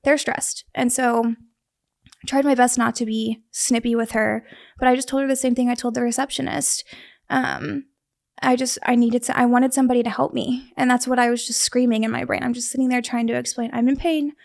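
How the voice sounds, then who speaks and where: A woman's voice: a little high, little pitch movement, fairly quick, vocal fry. A young woman earnestly recounting a personal story in casual conversation, with frequent restarts. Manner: vivid, earnest retelling with many restarts. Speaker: guest sharing a survival story.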